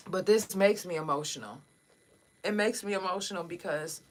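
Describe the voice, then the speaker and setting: Speaking at normal speed in a medium-pitched voice, this podcast host runs a casual livestream. She talks right to her audience with passion, bluntness and plenty of swearing.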